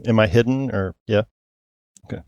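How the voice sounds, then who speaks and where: A man playing a tabletop game, speaking in a halting way as he counts out dice rolls. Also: lowish voice, darkish tone, clear, resonant tone, no echo, dull audio. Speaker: player. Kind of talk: casual tabletop play.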